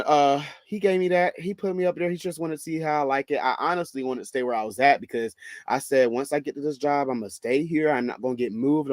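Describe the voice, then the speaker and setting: A man with a Southern US accent telling a story in a casual monologue, animated, sassy and full of profanity. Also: mid-range voice, dry recording. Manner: animated, profane, sassy, calls listener "bitch" and "girl".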